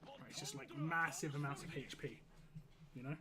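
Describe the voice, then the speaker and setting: A hoarse man streaming a game live, giving casual, rambling commentary full of "like". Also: on the high side, fairly even intonation, normal speed, crowd noise. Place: home gaming setup.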